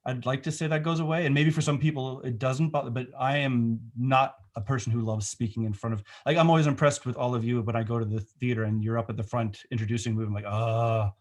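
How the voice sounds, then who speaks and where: A man's voice: mid-range voice, fairly even intonation, fast, few pauses. A middle-aged man, a film director, talking in a casual remote interview, thoughtful and rambling with many restarts.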